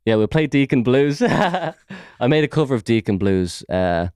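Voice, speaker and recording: A man's voice: mid-range voice, big pitch swings, measured pace, a little mellow, clean tone, no room sound, clean studio sound. A man with an Irish accent hosting a casual podcast chat, sweary and mocking as he rambles. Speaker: podcast host.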